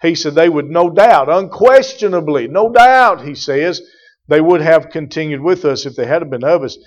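Heard on a muffled, lo-fi church recording, this pastor has a slightly high, somewhat mellow voice and a moderate pace. He preaches emphatically, repeating phrases and naming people in the congregation.

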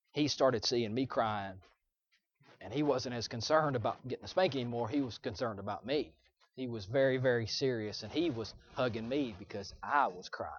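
A young man preaching, telling a personal story in an earnest, confessional way that swings from loud to hushed. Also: medium pitch, lo-fi sound. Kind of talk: sermon illustration.

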